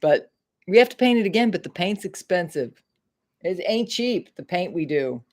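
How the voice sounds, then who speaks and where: A woman's voice: fairly low pitch, expressive, normal speed, darkish tone. A middle-aged woman from Maine hosting a casual livestream from her home, chatting to viewers and swearing freely when frustrated. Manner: frustrated and swearing, talks straight to chat. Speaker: livestream host.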